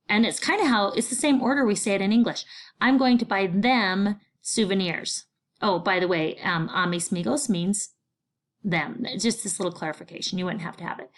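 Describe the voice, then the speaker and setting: Woman teacher, middle-aged, medium pitch, bubbly and chatty, playful asides to students. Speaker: Spanish teacher. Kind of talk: recorded grammar lesson.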